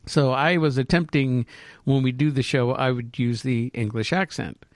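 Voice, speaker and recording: A man's voice: medium pitch, fairly even intonation, moderate pace, no echo, studio quality. An American man co-hosting a paranormal podcast in casual chat, joking and laughing easily. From United States. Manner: jokey, laughs often. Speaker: podcast co-host.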